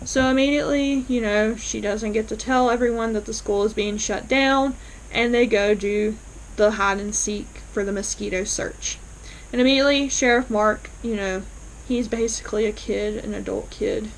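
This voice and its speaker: A woman's voice: on the high side, moderate pace, slight background noise, low-quality recording. A woman recapping a TV episode in a casual, chatty way, full of fillers and quoted lines. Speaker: fan reviewer.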